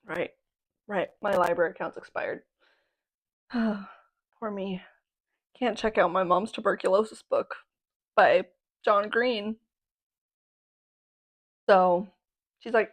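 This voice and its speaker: Excitable young woman telling a story. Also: medium pitch, slow pace, pauses often, rough recording. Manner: excitable, exclamatory, playful self-mocking. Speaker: podcast host. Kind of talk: casual storytelling chat.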